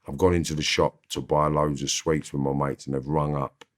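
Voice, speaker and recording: A man's voice: a bass voice, moderate pace. A man with a London accent, an interview guest telling stories casually in streetwise slang. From Northwest London. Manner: slangy, streetwise, animated when recounting. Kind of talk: casual storytelling.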